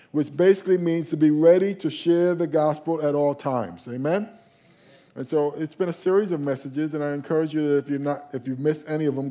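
Mellow-voiced male pastor preaching. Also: on the high side. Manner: call-and-response, stumbling restarts. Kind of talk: sermon.

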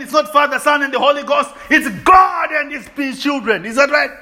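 A man preaching a sermon in call-and-response fashion, often asking his listeners to agree, with bursts of shouting and laughter. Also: extremely high pitch, normal speed.

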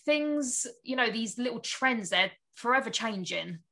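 A woman hosting a casual podcast interview, agreeable and quick to laugh, often saying absolutely. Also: fairly high pitch, animated, pushed and bright. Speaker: podcast host.

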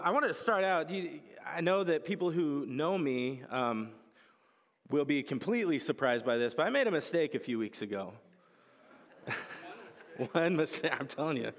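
A young man preaches with a relaxed, joking storyteller's manner and a fairly high voice. His voice carries a long reverb, as if filling a large church hall. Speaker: pastor. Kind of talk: sermon.

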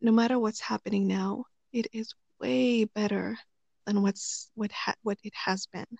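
A woman telling stories in relaxed conversation, rambling with many fillers and restarts. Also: medium pitch, a little slow, creaky, dry recording. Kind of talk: casual conversational storytelling. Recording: dry, slightly muffled recording.

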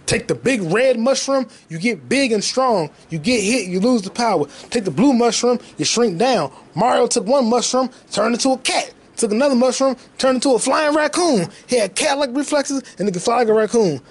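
A young man hosting a casual solo podcast, talking in an excited, profane and repetitive way, full of street slang. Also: very high-pitched, normal speed, few pauses, husky, rough recording. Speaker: podcast host.

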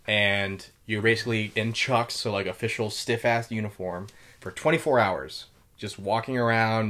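A man's voice: fairly low pitch, fairly bright tone. A young man telling war stories in a casual chat, loose and full of fillers and swearing. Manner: swears a lot, quick and loose with many fillers. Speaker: podcast host telling military stories.

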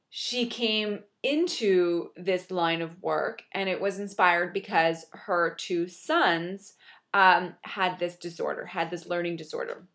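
A woman's voice: fairly low pitch, fairly bright tone. A young adult woman giving an earnest, encouraging motivational monologue, repeating key phrases for emphasis. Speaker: motivational speaker.

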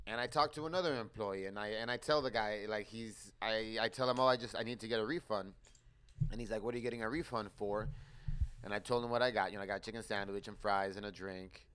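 A young man with a low, smooth and resonant voice tells a story in loose, casual podcast chat. He gets animated, swears freely and acts out both sides of the exchanges he describes. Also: fast.

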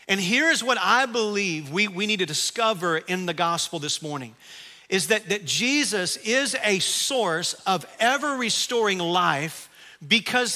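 A middle-aged man preaching with a lilt, his voice high for a man and very bright. He tells his story with animated asides and restarts, and a long reverb trails every phrase in the church hall. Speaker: pastor. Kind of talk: sermon. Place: church sanctuary.

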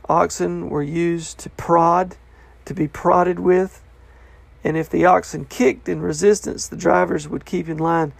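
A man's voice: fairly high pitch, creaky, no echo. Earnest man reading and explaining scripture. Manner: earnest, reflective, drops to a hushed voice. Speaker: Bible teacher.

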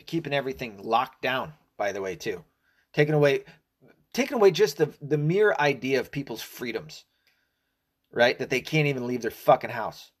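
A man hosting a podcast, telling stories in a profane, rambling, casual monologue. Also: fairly high pitch. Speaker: podcast host.

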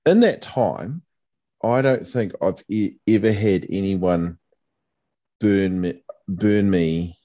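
Deep-voiced relaxed New man. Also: slow. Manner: relaxed, rambling recollection. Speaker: podcast co-host. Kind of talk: casual chat.

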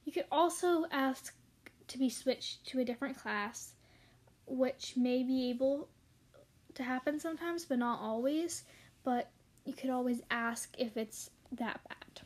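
A woman's voice: high-pitched, measured pace. A young woman giving earnest advice on a casual podcast.

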